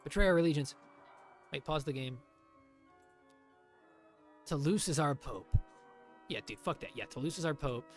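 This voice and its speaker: Guy streaming a strategy game, sarcastic, mutters then yells, faint music behind. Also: medium pitch, unhurried, pauses often. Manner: sarcastic, swings from mutters to shouts. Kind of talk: live gameplay commentary.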